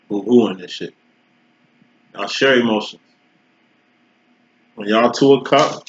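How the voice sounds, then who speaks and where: A man's voice: on the low side, a little hiss or hum. A man giving a casual tarot reading, talking straight to the viewer in slangy, profane, conversational speech. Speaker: tarot reader. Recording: roomy, dull lo-fi recording.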